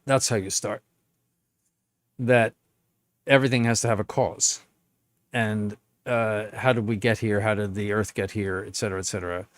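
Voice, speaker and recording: A man's voice: on the low side, fairly even intonation, normal speed, pauses often, no room sound. An older man, a bishop, answering viewer questions on a live stream in a blunt, emphatic, plain-spoken way.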